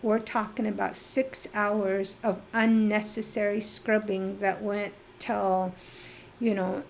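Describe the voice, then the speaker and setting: A middle-aged woman from northeastern Arizona, recounting her life as an interview guest, reflective and halting, with pauses and fillers. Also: medium pitch, level tone, creaky, a little hiss or hum. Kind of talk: personal life-story interview.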